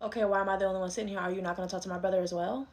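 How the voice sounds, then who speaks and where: A woman's voice: mid-range voice, steady tone, racing, darkish tone, close to an everyday voice. A woman playing an exasperated grown daughter. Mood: frustrated. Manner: argumentative, sarcastic. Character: exasperated young adult daughter arguing with her mom. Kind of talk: skit role-play.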